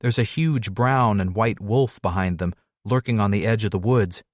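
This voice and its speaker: A man narrating a romance audiobook in the first person, measured and steady. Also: on the low side, no room sound, studio quality.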